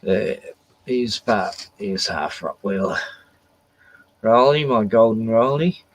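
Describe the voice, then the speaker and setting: A man's voice: fairly low pitch, expressive, takes it slowly, low-quality recording. A drunk man, rambling, swearing and laughing as he chats to his dogs on a live stream from inside a caravan. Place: small caravan indoors.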